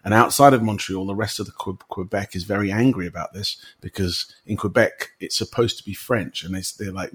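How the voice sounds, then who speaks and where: Man, podcast guest, husky voice, low pitch, explanatory, casual chat. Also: steady tone, a little fast, hardly any pauses, a bit bright. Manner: explanatory, matter-of-fact. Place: Montreal.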